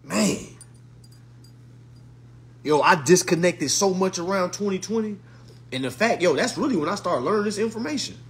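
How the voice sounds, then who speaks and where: A man's voice: sits high, lively intonation, normal speed, pauses often. A man in a profane, mocking monologue to his followers, using blunt slang and repeating his retorts. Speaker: social media commentator.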